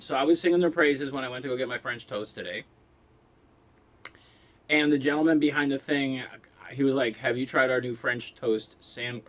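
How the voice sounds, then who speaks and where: Rambling, coughing man vlogger. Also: medium pitch. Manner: rambling and jokey, with frequent coughs and sudden loud outbursts. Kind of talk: rambling casual monologue. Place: Los Angeles.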